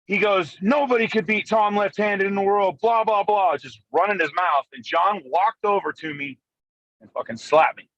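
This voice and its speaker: Sex: man. Pitch: high. Mic: phone call from a moving car. Sound: dry, close. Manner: profane, animated storyteller. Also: moderate pace, no room sound. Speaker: guest arm wrestler.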